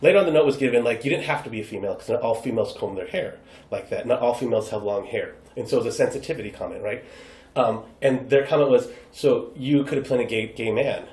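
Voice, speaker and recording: With a medium-pitched voice and a quick pace, an American man guesting on a podcast tells stories in a casual, animated way. The improv performer acts out quoted voices, and there's a roomy echo in the recording.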